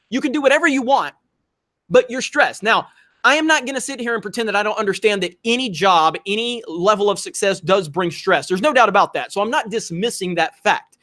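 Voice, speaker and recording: Man, livestream host, fairly high voice, dry close mic, casual profane ranting. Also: pushed and bright, dry recording.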